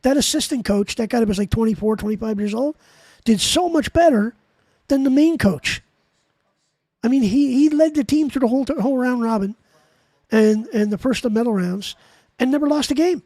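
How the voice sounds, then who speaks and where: A man's voice: very high voice, moderate pace, dark tone, no echo. A man streaming live, ranting in a heated, profane, rambling way to his chat. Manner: rambling with frequent restarts. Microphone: desk mic while gaming.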